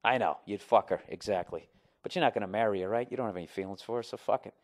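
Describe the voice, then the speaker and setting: A man's voice: lowish voice, fast talker. Profane, rambling male storyteller. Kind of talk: casual comic storytelling.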